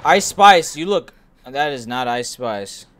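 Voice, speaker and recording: A young man streaming a horror game, joking and swearing to his chat as he plays, and shouting when something startles him. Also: medium pitch, lively intonation, slow, a little hiss or hum. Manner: joking, profane, talks to himself. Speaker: gaming streamer. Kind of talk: let's play commentary to chat.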